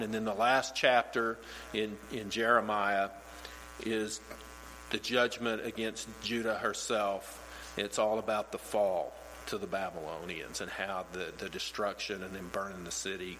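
A man with a bright, forceful voice gives a Bible study, talking in a loose, conversational way and doubling back on his words. His voice rings out in a long reverberant hall. A faint electrical hum runs underneath. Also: on the low side. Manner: conversational, repeats words when restarting. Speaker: Bible teacher.

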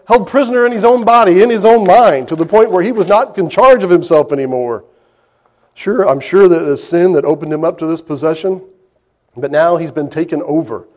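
A preacher with a fairly high voice for a man works through a scripture passage verse by verse. He reads the old text aloud, then retells it in plain, lively talk. His delivery rises to loud emphasis and drops to quiet, hushed lines. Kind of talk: sermon.

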